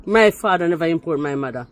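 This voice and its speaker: Responding to another video, a middle-aged vlogger from Jamaica rants heatedly with a Jamaican accent, sounding indignant and emphatic. The voice leaps up in pitch with each rebuttal, drifting into patois along the way.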